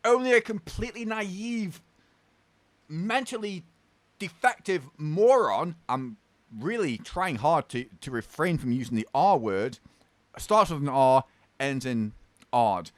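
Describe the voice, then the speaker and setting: A man's voice: a little high, expressive, slow pace, dry recording. Exasperated sweary British man. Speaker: reaction video host. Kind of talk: ranting video reaction.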